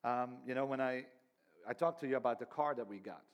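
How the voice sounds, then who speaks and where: A man's voice: medium pitch, a little fast, dull audio. Earnest, conversational male pastor preaching. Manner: conversational and earnest, with frequent restarts and light laughs. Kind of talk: sermon.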